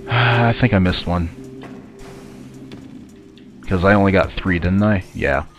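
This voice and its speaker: A let's play commentator with a low, stuffy, sinus-congested voice rambles casually while playing a video game, muttering grumbling asides at it. He takes it slowly over soft background music.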